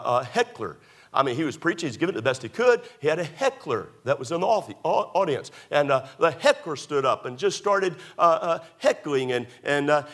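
A man's voice: fairly high pitch, fairly bright tone. A man preaching a sermon, emphatic, firing rhetorical questions at the congregation and telling folksy stories. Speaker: pastor.

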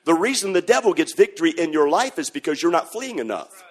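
A man preaching a sermon, shouting in sing-song bursts and then dropping to a hush. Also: a little high, lively intonation, quick pace, husky.

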